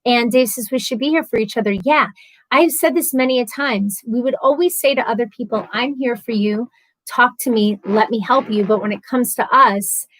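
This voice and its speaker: A woman's voice: on the high side, no echo, poor audio. A woman hosting a live stream from home, chatty and earnest, talking casually and openly at length. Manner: chatty and earnest, talks a lot.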